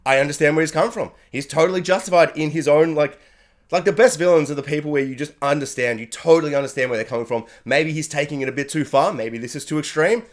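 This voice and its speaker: A man giving an animated, excited spoken review, often acting out characters' lines. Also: fast. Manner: animated, acts out character lines with sudden high yelps. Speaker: anime reviewer.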